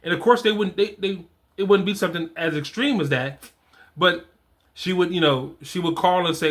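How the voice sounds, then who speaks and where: High, bright-voiced man talking. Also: moderate pace. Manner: conversational, repeats and restarts phrases, animated. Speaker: fatherhood coach and host. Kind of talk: casual solo talk reading from a program.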